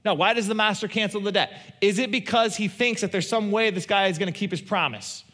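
A man's voice: high-pitched, fairly quick, bright, forceful tone. A pastor preaching a conversational sermon, asking his listeners questions and answering them. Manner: conversational, asks the congregation questions.

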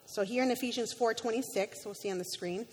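A woman's voice: fairly high pitch, fairly quick. A woman preaching a sermon, reading scripture aloud with emotion, sometimes stumbling and correcting herself. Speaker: guest preacher. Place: church sanctuary. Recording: long hall reverb.

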